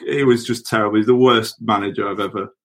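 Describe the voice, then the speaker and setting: A man's voice: lowish voice, fairly even intonation, quick pace, a bit bright. A middle-aged man, a former footballer, telling anecdotes on a podcast in a chatty way, laughing as he goes. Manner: chatty, laughs through his stories.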